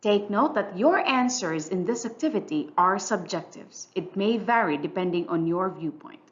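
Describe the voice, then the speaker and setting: A woman teacher giving a clear, measured, scripted English lesson narration. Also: mid-range voice, lively intonation, lo-fi sound. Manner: clear, instructional, measured delivery.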